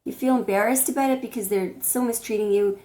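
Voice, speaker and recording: A woman's voice: mid-range voice, steady tone, quick pace, mellow. A woman giving blunt spiritual relationship advice as a tarot reader, talking straight to camera and often restarting her sentences. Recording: roomy echo.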